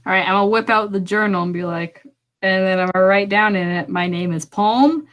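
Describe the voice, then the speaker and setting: A woman's voice: medium pitch, level tone, fast talker, a bit bright. Brief: giggly young woman, casual game-table talk. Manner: giggly, chatty. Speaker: player.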